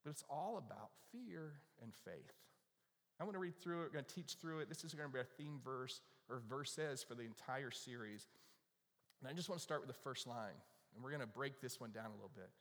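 A pastor giving an animated, conversational sermon, restarting words as he goes. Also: medium pitch, a little fast. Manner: animated, conversational preaching with repeated starts. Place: church sanctuary. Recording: echoey hall reverb.

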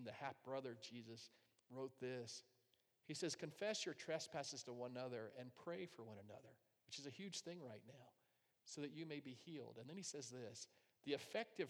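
A man preaching a sermon, emphatic, swinging from loud, driving swells to hushed, quiet asides. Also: a little high, in a large hall. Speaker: pastor.

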